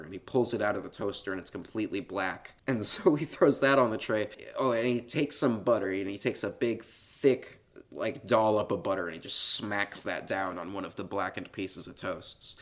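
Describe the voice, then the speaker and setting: Relaxed low-voiced man recapping a movie. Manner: relaxed storytelling, laughs often, swears casually. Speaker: podcast co-host. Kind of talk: casual film recap chat.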